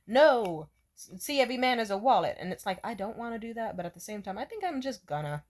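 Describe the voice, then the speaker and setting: A woman's voice: a little high, very animated, fast. A young woman venting in a casual storytime vlog, frank and profane, rambling with lots of fillers. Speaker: vlogger.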